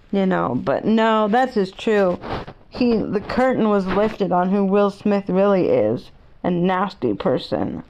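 A woman's voice: medium pitch, a little mellow, dull audio. A middle-aged woman vlogging in a rambling, outspoken, opinionated casual monologue.

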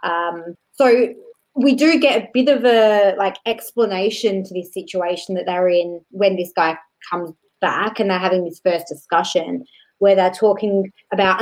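A woman guesting on a casual movie review chat over an online call, chatty and quick to agree. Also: fairly low pitch. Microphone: own mic on an online call.

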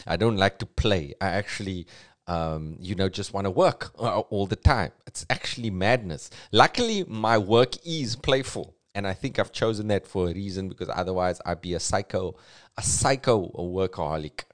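Low-voiced Cape Town comedian, playful. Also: male voice. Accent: Cape Town South African. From South Africa. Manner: playful, big sudden pitch jumps for comic emphasis; drifts into a low, quiet, thoughtful tone. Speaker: comedian and podcast host. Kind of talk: comedic podcast monologue.

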